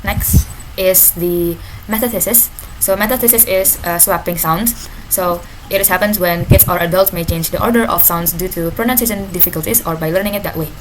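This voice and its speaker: Young woman presenting in a halting voice. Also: on the low side. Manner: reads out definitions with halting pauses, saying "next" between points. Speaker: student presenter. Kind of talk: class presentation. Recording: noisy recording with clicks.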